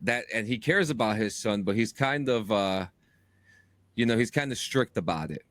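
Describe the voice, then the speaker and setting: A man chats on a podcast with a lively, swooping voice that rises and falls a lot, tripping over his words as he restarts sentences. The sound is dry and close, with no room around it. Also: lowish voice, moderate pace, dry recording. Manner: animated, stammering restarts. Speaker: podcast host and audio drama producer. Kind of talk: casual podcast chat.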